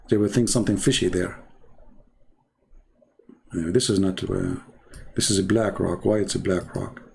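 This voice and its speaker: Gravelly, husky man mocking while drawing. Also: medium pitch, darkish tone. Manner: sarcastic, halting, many fillers and restarts. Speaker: commentator.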